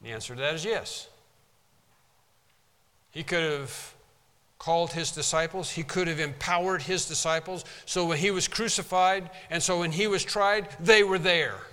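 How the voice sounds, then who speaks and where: A man's voice: fairly high pitch, normal speed, fairly bright tone, long reverb tail. A man preaching a sermon as pastor from a pulpit, in an emphatic manner that stresses single words and sometimes pounds the pulpit. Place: church sanctuary.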